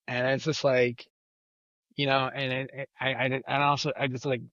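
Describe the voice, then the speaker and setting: A man's voice: medium pitch, little pitch movement, normal speed, a bit bright, no echo, dull audio. A man chatting as a podcast guest, rambling and leaning on repeated filler phrases. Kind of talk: casual chat.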